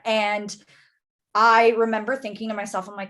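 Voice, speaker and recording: A woman's voice: mid-range voice, fairly even intonation, normal speed, a bit bright. A young woman from Canada, chatting casually as a podcast guest, with lots of fillers and acted-out quotes.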